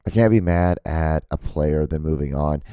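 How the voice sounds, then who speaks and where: A man hosting his own show in a casual, rambling monologue, with a hoarse, cracking voice. He swears freely and his voice jumps high when he gets worked up. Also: moderate pace, dry recording, studio quality. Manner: profane, excitable, voice jumps high when ranting. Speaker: podcast host. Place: home setup with lights and camera. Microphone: studio microphone.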